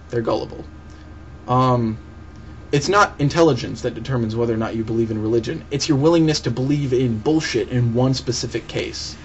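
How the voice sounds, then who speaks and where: A young man with a fairly high voice delivers a profane, heated, sarcastic rant in reply to a commenter, with faint hiss behind him. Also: darkish tone, dull audio. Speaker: vlogger answering a commenter. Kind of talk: angry video rant.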